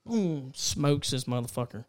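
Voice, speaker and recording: A man's voice: medium pitch, measured pace, a little hiss or hum. A young man telling a rowdy story among friends, swearing freely and acting out what others said. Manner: animated, swearing, acts out the voices of others.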